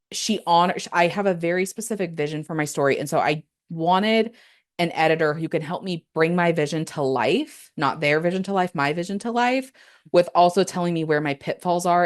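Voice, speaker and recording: A woman hosting a podcast, talking casually and candidly, with playful asides. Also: deep voice. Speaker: podcast host. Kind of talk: casual solo podcast talk.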